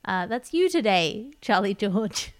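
A woman from Australia hosting a satirical news podcast in a deadpan, mock-exasperated way. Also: medium pitch, unhurried, a little hiss or hum. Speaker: comedy podcast host.

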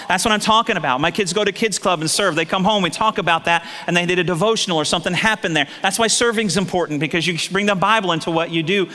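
A middle-aged man preaching a sermon as pastor, lively and joking with asides to the congregation, in a large church. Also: sits high. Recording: long hall reverb.

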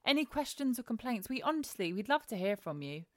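A woman's voice: fairly high pitch, sing-song, a little fast, no echo, clean studio sound. A woman co-hosting a podcast in casual chat, frank and jokey. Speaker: podcast co-host.

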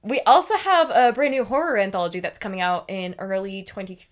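A woman co-hosting a podcast, chatting casually about her work. She laughs often and talks in quick bursts, with a voice of middling pitch. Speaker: podcast co-host. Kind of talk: casual chat.

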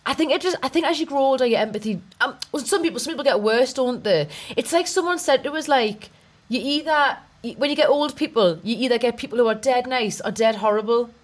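A young woman talks in a loose, rambling way, often circling back and laughing between thoughts. Her voice sits a little higher than most. It sounds like easygoing podcast chat. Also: fast. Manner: chatty and rambling, with frequent restarts and laughter. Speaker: comedian and podcast co-host. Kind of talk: casual chat.

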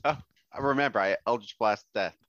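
A man's voice: fairly low pitch, brisk, a bit bright, dry recording, highs cut off. A young man playing a tabletop game, joking and asking questions. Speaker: player. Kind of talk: casual play chat.

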